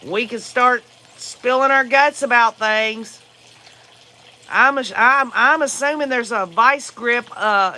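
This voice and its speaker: A Southern US man hosts a casual livestream and answers viewer comments, rambling and opinionated with frequent fillers. His voice is extremely high-pitched, bright and forceful.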